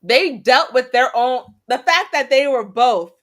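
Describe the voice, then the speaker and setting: A woman on a casual podcast, ranting with strong emphasis and drawn-out stresses. Her voice sits fairly high for a woman. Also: lively intonation, a bit bright. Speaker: podcast co-host. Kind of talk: casual chat.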